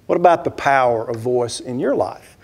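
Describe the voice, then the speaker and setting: A man's voice: mid-range voice, expressive, normal speed, creaky, darkish tone, slightly rough. A man, a pastor, preaching a sermon in a church, telling a story with many rhetorical questions and acting out the voices he quotes. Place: church sanctuary.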